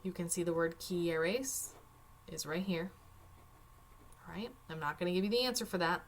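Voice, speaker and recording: A woman's voice: lowish voice, moderate pace, slight background noise. A woman teacher walking through a Spanish worksheet on her screen, casual and chatty with wry asides. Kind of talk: screen-recorded worksheet walkthrough.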